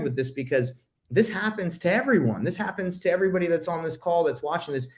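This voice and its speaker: A man coaches his listeners over a video call, blunt and emphatic, his voice sitting a little high. He keeps it casual and calls people bro. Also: animated, fast talker. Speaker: real estate investing coach hosting a call.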